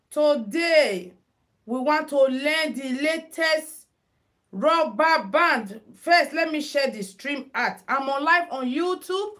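Her voice is high-pitched and bright with a forceful edge, carrying a Nigerian accent. She's a middle-aged Nigerian woman running a relaxed beauty livestream from her phone, covering makeup and headwraps and talking with viewers in English mixed with Pidgin. Chatty by nature, she greets them as "my people" with sing-song calls.

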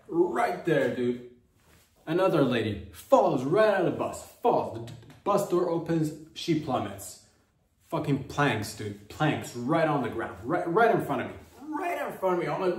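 Man, comedic storyteller, rambling, swearing, roomy echo, off-mic. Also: a little high. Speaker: podcast host. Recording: echoey room, distant mic.

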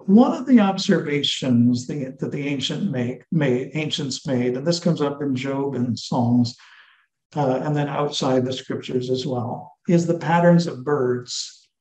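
A man giving an earnest, teacherly church talk to married couples, slowing down to stress key words. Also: mid-range voice, a little mellow. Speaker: lecturer on marriage and scripture. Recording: echoey hall.

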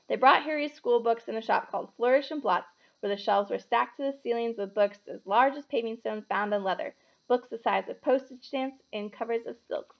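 A woman reading a novel aloud with expressive storytelling. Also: fairly high pitch, moderate pace, gravelly, highs cut off. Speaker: reader.

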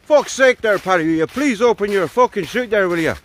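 A man voicing an exasperated Irish skydiving instructor in a deliberately rough put-on Irish accent, pleading and swearing. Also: high voice, expressive, slight background noise, voice pushed up. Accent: Irish, put on badly.

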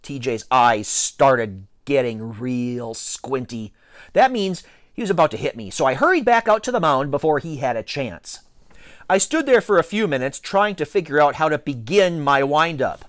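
A man reading a children's novel aloud with expressive storytelling and playful asides. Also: medium pitch, normal speed, dry recording, clean studio sound. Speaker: reader.

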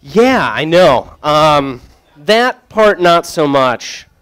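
Joking young man with a smooth voice. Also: fairly high pitch, very animated, drawn-out words, fairly bright tone. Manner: joking, loose, rambling with many fillers. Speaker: brewery sales rep. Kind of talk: casual storytelling to a group.

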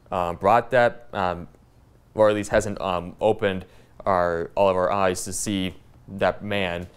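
Man, very low voice, halting bible study teacher, lots of ums, reads verses aloud. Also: smooth. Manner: halting, many fillers and restarts, reads scripture aloud. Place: church room with a small group.

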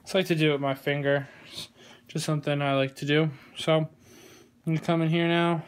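A man giving a casual how-to tutorial on a glove, relaxed and rambling, with plenty of fillers and small jokes. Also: a little high, brisk, smooth. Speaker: glove maker demonstrating lacing. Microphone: phone camera.

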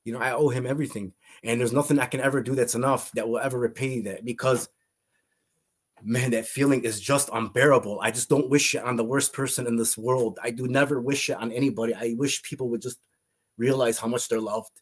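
A man with a husky, slightly rough voice tells a personal faith testimony as an interview guest. His delivery is earnest and fervent, circling back on words and phrases as he searches for what to say. His pitch sits in an ordinary middle range. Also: fairly even intonation, fairly quick. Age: adult. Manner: earnest, fervent, often repeats words and restarts.

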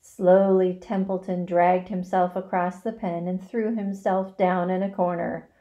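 A woman teacher reading a children's novel aloud, expressive and dramatic. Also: fairly low pitch, unhurried, dull audio. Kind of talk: storybook read-aloud.

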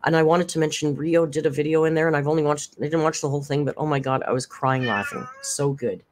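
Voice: medium pitch, steady tone, quick pace, noisy background. Brief: worn-out, chatty live-stream host; casual chat, thanks viewers, reads messages aloud. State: tired, worn down by caregiving.

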